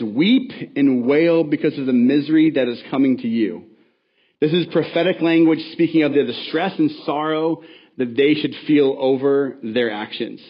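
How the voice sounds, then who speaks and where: Conversational pastor preaching, slightly muffled. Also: male voice, medium pitch. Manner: conversational, self-correcting with asides. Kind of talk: sermon.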